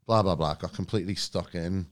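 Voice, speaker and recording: A man, a podcast guest, telling a story in casual chat, animated, acting out quoted lines and laughing as he goes. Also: low voice, brisk.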